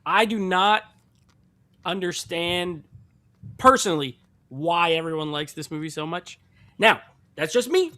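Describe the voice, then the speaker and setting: High-voiced, bright man co-host. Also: expressive, a little slow, long pauses. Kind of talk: casual live film review chat.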